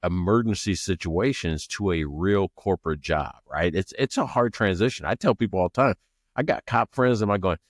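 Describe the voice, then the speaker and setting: Podcast co-host, male, lowish voice, casual storyteller who laughs a lot and restarts sentences, dry close mic. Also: normal speed, no echo. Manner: laughs often, stammers and restarts, acts out quoted people. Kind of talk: casual chat.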